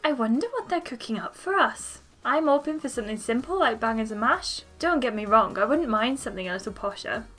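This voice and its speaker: A woman's voice: on the high side, lively intonation, a little fast, hardly any pauses, fairly bright tone, soft background music. A woman reading the lines of a chatty young woman in a dating villa, in a gossipy tone.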